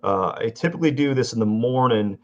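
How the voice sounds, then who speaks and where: A man's voice: medium pitch, brisk. A man chatting casually to his stream while he draws at home, rambling and correcting himself as he goes. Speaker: live-stream artist. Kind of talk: casual live-stream chat while drawing. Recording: dull lo-fi audio.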